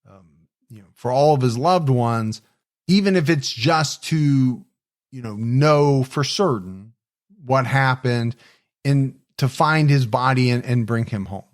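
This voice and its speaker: A man's voice: medium pitch, a little slow. Easygoing male podcast co-host. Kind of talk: casual chat.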